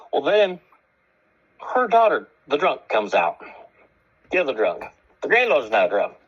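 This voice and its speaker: A man hosting a radio show, telling a story in casual chat. He is animated and profane and acts out both sides of an argument in raised voices. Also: mid-range voice, slow pace, long pauses, breathy edge, dull audio.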